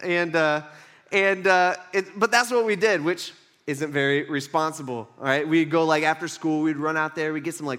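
A man's voice: fairly high pitch, sharp tone. A male pastor preaching a sermon in a casual, conversational way, telling a personal story with lots of fillers. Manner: casual and conversational, many fillers, acts out quotes. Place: church.

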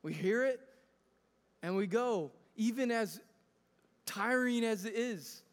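High-voiced preacher in a reverberant hall. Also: male voice, lively intonation, slow. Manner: earnest, conversational preaching with frequent restarts. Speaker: pastor. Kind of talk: sermon. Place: church sanctuary. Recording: long reverb of a large hall.

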